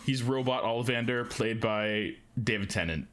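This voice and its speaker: Man, podcast co-host with a low-set voice, casual and hesitant, reads recaps with frequent fillers. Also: moderate pace, a bit bright. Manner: hesitant, many fillers and restarts. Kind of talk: casual podcast chat, reading episode summaries.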